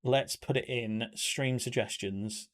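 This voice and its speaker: A man's voice: mid-range voice, fairly even intonation, slow. A young man chatting casually on a live stream, reacting to viewers and laughing often. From England.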